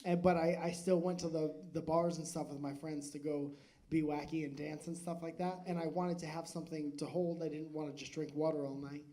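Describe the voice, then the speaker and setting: A man's voice: fairly high pitch, little pitch movement, fairly quick, dark tone. A man doing stand-up comedy crowd work on a live stage, joking loosely, swearing and laughing often. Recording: noisy live club recording.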